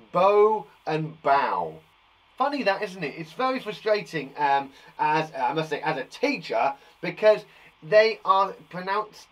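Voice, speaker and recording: A man in his thirties with an English accent, teaching young children in a playful, animated way, asking them questions as he goes. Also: fairly high pitch, low-quality recording. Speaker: primary school teacher. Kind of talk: children's lesson video. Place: garden shed classroom.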